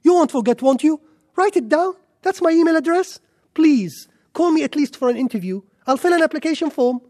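A preacher voicing a desperate man who begs to be remembered and pleads for a chance, his voice rising high and quick. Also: animated, darkish tone, no echo, studio quality. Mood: pleading. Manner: pleading, needy, rushed.

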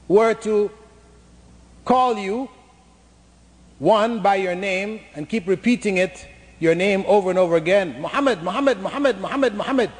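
A man with a fairly high voice delivers an emphatic, lecture-style sermon. He mocks practices he criticizes with pointed imitations. His words ring out with a long hall reverb. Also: a little mellow. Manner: emphatic, mocking imitations of chanting. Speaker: preacher.

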